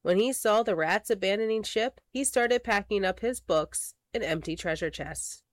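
A woman reading a children's picture book aloud, expressive and slowing for dramatic words. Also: medium pitch, no echo. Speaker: storybook reader.

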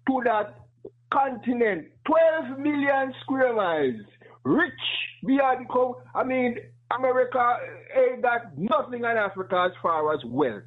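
Husky high-voiced male caller on phone. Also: expressive, a little slow. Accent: noticeable accent. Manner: earnest, persuasive, rhetorical questions. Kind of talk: call-in radio comment. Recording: tinny phone line.

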